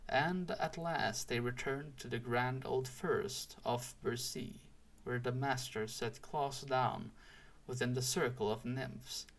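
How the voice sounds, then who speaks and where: A man reading a storybook aloud in a slow, deliberate and expressive way. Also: medium pitch. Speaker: audiobook reader. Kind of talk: storybook read-aloud narration.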